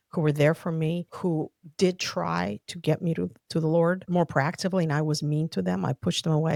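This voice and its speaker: A woman's voice: low-pitched, vocal fry, a little mellow, no echo, studio quality. A woman from the Soviet Union telling her faith story as a podcast guest, earnest and heartfelt. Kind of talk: personal faith testimony.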